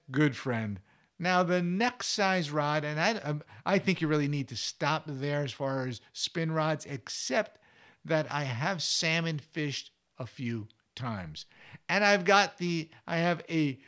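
A man's voice: fairly high pitch, a bit bright. A man hosting a fishing show, giving casual advice in a chatty, folksy way with anecdotes. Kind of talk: casual instructional talk.

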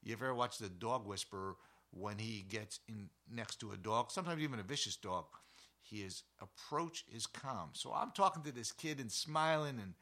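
A man who hosts an outdoor show, telling a story in a casual, animated, rambling way full of side remarks. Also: lowish voice, moderate pace.

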